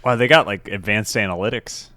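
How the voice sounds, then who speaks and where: A deep, low-voiced man co-hosting a sports podcast, talking in a laid-back way with frequent laughs and casual swearing. The sound is close and dry, with no room around it. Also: a little fast, pushed and bright, dry recording. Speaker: podcast co-host.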